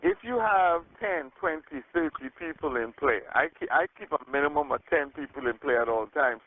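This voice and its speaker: A man leading a group call as a sales coach, giving an energetic motivational talk, checking in with "okay?" and acting out phone conversations. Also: on the high side, normal speed. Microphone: telephone. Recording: tinny phone line.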